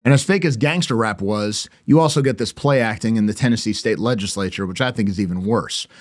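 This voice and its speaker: A man's voice: fairly low pitch, a little fast. A middle-aged man hosting a podcast, delivering opinionated commentary with sarcastic, mocking asides. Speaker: podcast host.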